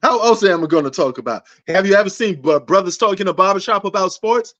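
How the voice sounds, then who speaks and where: New guy yelling about sports on a stream, high voice, kinda muffled lo-fi audio. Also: animated, quick pace. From New York. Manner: loud, passionate, argumentative. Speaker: sports talk show host. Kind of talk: livestream sports debate answering chat.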